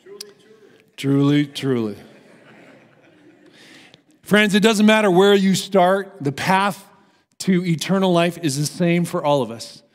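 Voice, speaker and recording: A man's voice: high voice, moderate pace. An American man preaching a sermon as pastor, earnest and emphatic as he tells a story. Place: church sanctuary. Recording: long hall reverb in a church.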